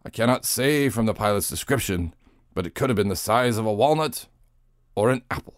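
A man's voice: on the low side, animated, fairly quick, no echo, clean studio sound, natural voice. A man voicing a prim male astronomer with an odd, stiff, lofty accent while reading quotes on a podcast.

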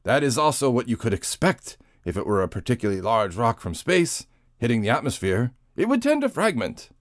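A man's voice: mid-range voice, sing-song, brisk, no room sound, clean studio sound, lightly acted. A man voicing a prim male astronomer with an odd, stiff, lofty accent while reading quotes on a podcast.

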